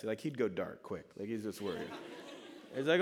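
A man's voice: on the low side, brisk. A middle-aged man preaching in a casual, conversational way, reading scripture and telling family stories. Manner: conversational, animated storytelling with frequent "like". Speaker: pastor. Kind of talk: sermon.

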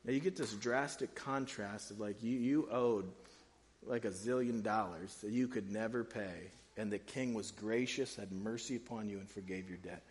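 A man preaching a sermon in a casual, animated way, using slang. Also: fairly low pitch, moderate pace, big-room sound. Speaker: pastor.

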